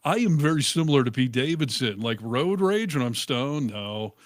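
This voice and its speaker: A middle-aged man in casual chat, telling stories with animated, acted-out quotes. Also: mid-range voice, normal speed, no room sound. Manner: animated storyteller, acts out quotes. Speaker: co-host.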